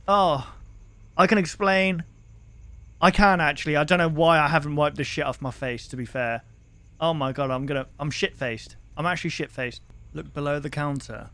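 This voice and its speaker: A man's voice: a little high, animated, moderate pace, a bit bright, no echo. A young man streaming a horror game, reacting with crude exclamations and frequent swearing. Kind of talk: let's-play commentary.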